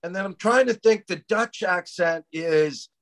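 Rambling Canadian man, slightly raised pitch. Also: a little slow, fairly bright tone, poor audio. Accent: Canadian, partly Americanized. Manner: rambling, loose, peppered with "man" and "you know". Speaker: comedian guest. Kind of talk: casual podcast chat.

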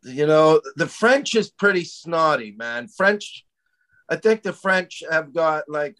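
A young man from Canada chats on a comedy podcast in a loose, rambling way, leaning on "man" and "you know." His accent is Canadian but partly Americanized. His voice sits a little higher than most men's. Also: lively intonation, slow, fairly bright tone, low-quality recording. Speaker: comedian guest. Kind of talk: casual podcast chat.

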